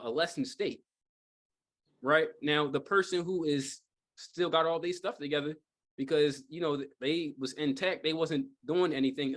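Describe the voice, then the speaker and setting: In a training room with a live audience, a man whose voice sits on the high side gives a sales training talk. His delivery is casual and rambling, with many fillers and rhetorical "right?" checks.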